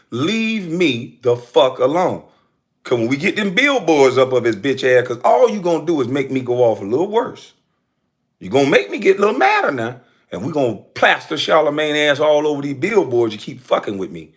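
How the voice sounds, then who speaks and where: A man delivering an angry, profane rant straight to the camera, calling out critics in a heated, confrontational way. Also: medium pitch. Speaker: commentator answering critics.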